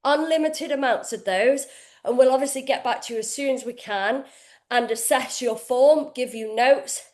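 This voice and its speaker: Breathless high-voiced woman fitness coach. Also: moderate pace, echoey room. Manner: casual, energetic, swears freely. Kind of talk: live online workout demonstration. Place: home kitchen, indoors.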